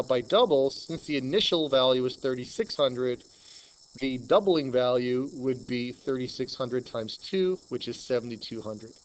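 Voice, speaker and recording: A man with a Long Island accent teaching a math lesson, chatting and thinking out loud as he works through problems. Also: medium pitch, a little hiss or hum, rough recording. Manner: chatty, thinks aloud while working problems. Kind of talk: screen-recorded math lesson.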